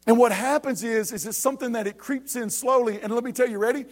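Male pastor, high-pitched, fervent sermon delivery with frequent call-outs to the congregation. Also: quick pace. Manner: preaching with rising emphasis and repeated calls of "you ready?".

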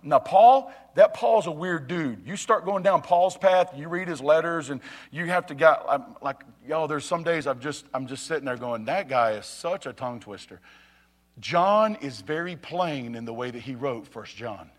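A man's voice: on the high side, moderate pace, few pauses. A male pastor preaching a conversational sermon to his church, often repeating phrases and asking the congregation if they are ready. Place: church sanctuary.

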